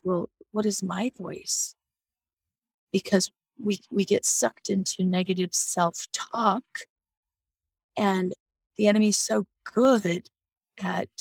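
A woman's voice: medium pitch, creaky, no room sound, poor audio. A woman on a video call from her home, sharing her faith in an earnest, reflective way and often restarting her sentences. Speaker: guest on a faith discussion call. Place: home near an air base.

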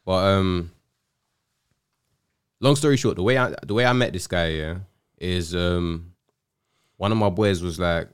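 A young man talks in an easy, slangy way as a podcast host. His voice sits low and comes through clean and smooth. The sound is dry and close, with little room around it. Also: unhurried, long pauses, no echo. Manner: London slang, laid-back storytelling. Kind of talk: casual chat.

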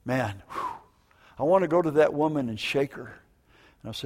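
A man's voice: medium pitch, expressive, moderate pace, darkish tone. An older man preaching a sermon, telling a personal story in a folksy, emotional way with frequent asides. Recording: long hall reverb.

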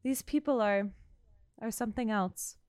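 A woman's voice: a little high, moderate pace, darkish tone, smooth, dry recording, clean studio sound. A woman playing a tabletop role-playing game, speaking sincerely and earnestly in character. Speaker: player.

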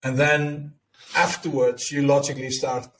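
A man co-hosting a podcast, explaining ideas in a measured, conversational way. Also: mid-range voice, flat delivery, a bit bright, poor audio. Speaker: podcast co-host. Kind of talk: casual conversation. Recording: faint background noise and clicks.

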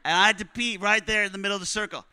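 A man preaching, telling a story in a conversational, animated way and acting out what others said. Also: high voice, very fast, clear, resonant tone, no echo. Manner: animated, conversational, acts out quotes. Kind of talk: sermon storytelling.

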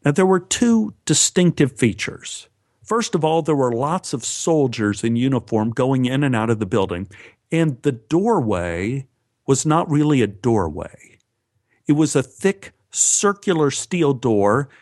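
A man telling a first-person story in an animated way, lifting his voice for quoted dialogue. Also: mid-range voice, a little slow, no room sound, studio quality.

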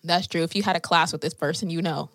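A young woman co-hosting a podcast, talking in a casual, animated way and telling stories expressively. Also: on the low side, no echo. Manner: animated storytelling, quick and expressive. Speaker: podcast co-host. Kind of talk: casual chat.

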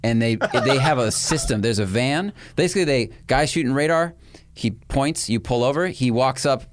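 A man hosting a podcast, telling a story in a casual, wry way with deadpan punchlines. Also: medium pitch, normal speed. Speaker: podcast host.

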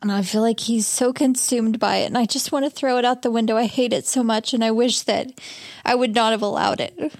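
A woman's voice: fairly high pitch, steady tone, darkish tone, no room sound, clean studio sound. Earnest rambling woman in her thirties. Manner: earnest, rambling, halting restarts. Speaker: podcast co-host. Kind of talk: candid casual chat.

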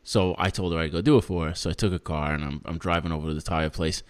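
A young adult man, a podcast co-host, telling a story in casual chat and acting out his own shouting. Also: sits low, fairly even intonation, fast.

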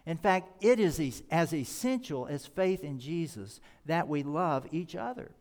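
A man's voice: a little high, animated, measured pace, a little mellow. A man preaching a sermon as pastor, explaining scripture earnestly and leaning hard on key words. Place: church sanctuary. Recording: reverberant church hall.

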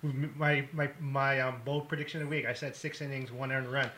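A man co-hosting a sports podcast, going over game details in casual chat with halting restarts. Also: medium pitch, level tone, bright, forceful tone. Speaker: podcast co-host.

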